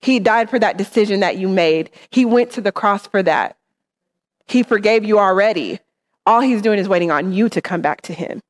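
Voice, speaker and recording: A woman's voice: medium pitch, normal speed. A woman preaching in church, talking in an earnest, conversational way and often checking in with her listeners. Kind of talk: sermon.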